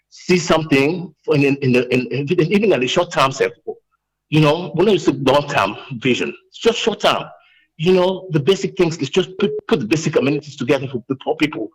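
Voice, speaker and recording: A Sierra Leonean man ringing in to a talk radio show. He speaks in a husky, breathy voice. He is agitated and emotional, and he stumbles through restart after restart. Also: fairly high pitch, low-quality recording. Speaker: radio call-in caller. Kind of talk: impassioned call-in rant.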